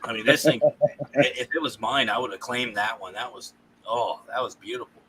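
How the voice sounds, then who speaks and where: A man, a paranormal consultant guest, telling animated stories in casual podcast chat and laughing often. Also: mid-range voice, a little fast, a little hiss or hum, rough recording.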